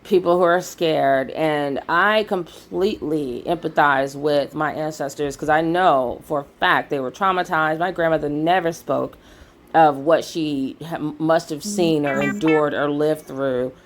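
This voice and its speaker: Blunt, heated low-voiced woman vlogger. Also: unhurried. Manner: blunt, heated, swears freely. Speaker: video commentator. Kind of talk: outspoken opinion vlog.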